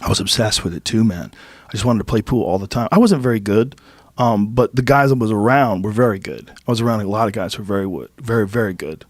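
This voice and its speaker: A man in his fifties from the Boston area, hosting a podcast and telling casual stories in a lively, profane way. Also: on the low side, fast talker, no echo. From Boston area, USA. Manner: profane, animated storytelling with rising excitement. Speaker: podcast host. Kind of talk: casual storytelling chat. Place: podcast studio.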